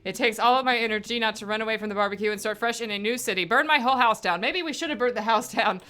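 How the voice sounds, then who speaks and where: A woman's voice: a little high, very fast, pushed and bright. A woman streamer reading a dating game aloud in a playful, giggly way.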